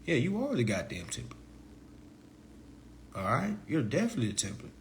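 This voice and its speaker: A man giving a casual live-stream lecture as an online teacher, talking in loose slang and often jumping into high, mocking voices. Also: wildly swooping pitch, fairly quick, a little hiss or hum. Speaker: online legal self-help teacher.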